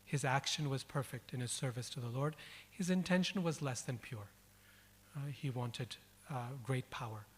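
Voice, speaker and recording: A man's voice: mid-range voice, normal speed, slightly rough. Man giving a devotional talk in a reverberant hall. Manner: storytelling, reflective, repeats words for emphasis. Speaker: speaker. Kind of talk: devotional lecture. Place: event hall.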